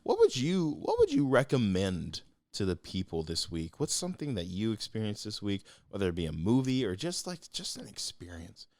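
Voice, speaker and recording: Excitable deep-voiced young man. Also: moderate pace, few pauses, dry recording. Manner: excitable, storytelling, jumps into voices. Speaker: podcast co-host. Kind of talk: casual chat.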